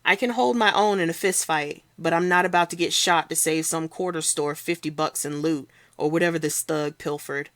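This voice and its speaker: A woman's voice: sits low, steady tone, normal speed, hardly any pauses, fairly bright tone, dry recording, studio quality. A woman reading aloud as a big, tough-talking man telling his story in a brash, swaggering first person. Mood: tense. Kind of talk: read-aloud novel.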